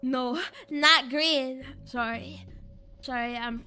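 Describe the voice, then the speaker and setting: A woman with a very high, bright voice chats her way through a game stream. She rambles and pokes fun at herself, breaking into laughter often, with soft music in the background. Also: normal speed. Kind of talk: casual game stream commentary.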